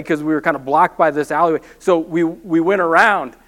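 A man preaching a sermon as pastor, telling a personal story with animated, self-mocking humor. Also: on the high side, brisk.

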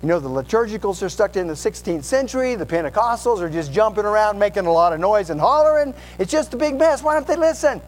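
A man's voice: high-pitched, animated, quick pace, hardly any pauses, pitched above the performer's own voice, low-quality recording. A man voicing a boastful know-it-all churchgoer who talks with mock self-importance and lots of bragging. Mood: smug, bragging.

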